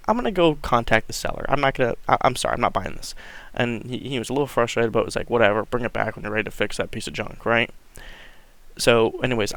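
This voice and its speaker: A man's voice: lowish voice, gravelly, a bit bright, no room sound. A man casually telling a long personal story, rambling with many fillers and restarts and acting out what people said. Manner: rambling, full of fillers and restarts, acts out quotes.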